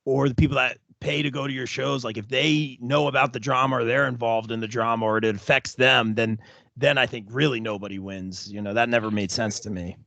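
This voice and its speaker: Casting: quick, gravelly-voiced man guest, earnest, dry close sound. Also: mid-range voice, fairly even intonation, sharp tone, no room sound, dull audio. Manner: fast, keeps saying "man", earnest. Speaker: guest, wrestling commentator. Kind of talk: casual interview chat.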